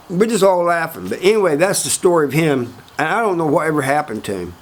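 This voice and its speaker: An easygoing man hosting his own show and telling a story in a relaxed, rambling way. His voice sits slightly higher than most men's, and he chuckles through it and leans on plenty of fillers. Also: fairly quick, hardly any pauses. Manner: laid-back, chuckling, many fillers. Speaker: host telling prison stories. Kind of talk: casual storytelling.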